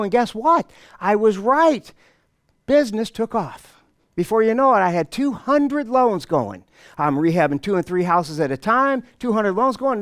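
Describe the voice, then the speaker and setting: A middle-aged man giving a storytelling presentation to an audience, animated and self-mocking, acting out the dialogue. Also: high voice, smooth, no echo, studio quality. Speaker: motivational speaker.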